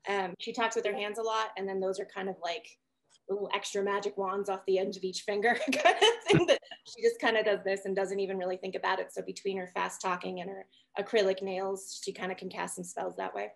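A woman's voice: medium pitch, fairly quick, creaky. A woman playing in a tabletop game, describing her character's actions casually and hesitantly. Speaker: player.

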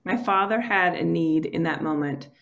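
A woman's voice: on the low side, moderate pace, a bit bright, highs cut off. Earnest storytelling woman on a video call. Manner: earnest, emotional, many "like" fillers. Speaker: documentary filmmaker guest. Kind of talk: candid conversational storytelling.

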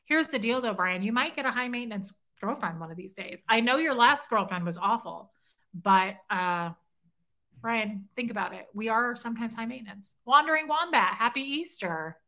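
A woman's voice: a little high, expressive, moderate pace, bright, forceful tone. A woman hosting a casual livestream, chatting with viewers and reading their comments aloud, self-deprecating and teasing. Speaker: livestream host. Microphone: phone.

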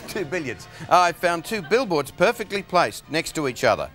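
A man's voice: fairly high pitch, very animated, unhurried, fairly bright tone, soft background music. A man hosting a live variety show, casually reading viewer letters with chatty, playful asides and chuckles. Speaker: host.

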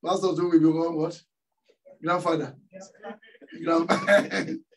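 With a Nigerian accent and a slightly high, steady voice marked by vocal fry, a middle-aged pastor from Nigeria preaches a little slowly in church. He leans on call-and-response questions, letting the congregation finish his sentences. He's somewhat distant from the mic, with slight background noise.

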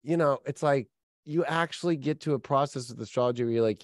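A male astrologer chats as a podcast guest, wandering through his stories with plenty of fillers. His voice sits at an ordinary middle pitch. The sound is close and dry, with no room around it. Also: fairly quick, darkish tone, no echo. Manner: rambling, filler-heavy storytelling. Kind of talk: casual podcast conversation.

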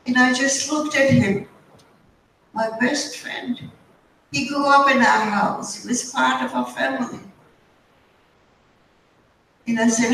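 Older woman speaking slowly in an echoey hall. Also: fairly high pitch, fairly even intonation, fairly bright tone. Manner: slow and deliberate. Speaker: guest speaker. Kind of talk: storytelling testimony. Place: high school auditorium. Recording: distant mic, echoey hall, faint noise.

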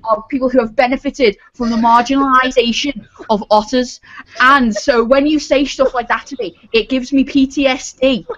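A woman's voice: high-pitched, steady tone, normal speed. A woman from Liverpool with a thick Scouse accent, joking in a mock-serious, ironic way during a streamed group chat. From Liverpool, England. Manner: ironic, heavy regional accent others can't follow. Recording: dull lo-fi stream audio.

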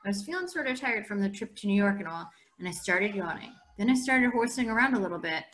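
A woman English teacher reading a novel aloud for her class in a steady, conversational way. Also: mid-range voice, quick pace.

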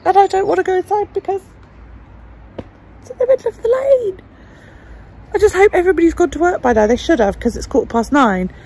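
A woman's voice: very high-pitched, lively intonation, a little fast, pauses often, darkish tone. A woman vlogging casually, venting her frustration and swearing freely. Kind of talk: casual vlog monologue.

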